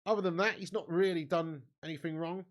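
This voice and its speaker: A man's voice: a little high, fairly even intonation, fairly quick. A man hosting a live football watch-along, chatting casually with viewers and calling them mate and lad. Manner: erupts into angry shouting at the match.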